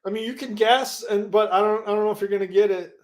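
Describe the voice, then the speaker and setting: A man's voice: high voice, steady tone, fast talker, lightly acted. A man playing a fumbling, nervous young clerk. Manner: fumbling, hesitant, many ums. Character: nervous young shop clerk on his first day. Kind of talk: improvised comedy scene.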